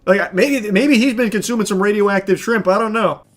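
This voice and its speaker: A man's voice: high-pitched, normal speed, fairly bright tone. A man streaming casual reaction commentary, sarcastic and exasperated, swearing often as he picks apart a clip.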